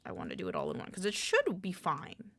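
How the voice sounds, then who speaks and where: A woman's voice: lowish voice, huge pitch swings, brisk, vocal fry, fairly bright tone, husky, no room sound, whispered. A woman streamer in casual live-stream chat at a desk microphone, rambling, muttering lists to herself and greeting her chat.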